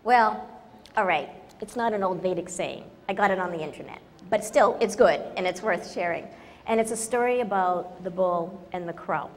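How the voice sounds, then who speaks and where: A woman's voice: mid-range voice, normal speed, big-room sound. A woman giving a humorous conference talk, wry and direct, telling stories to an audience. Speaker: conference speaker.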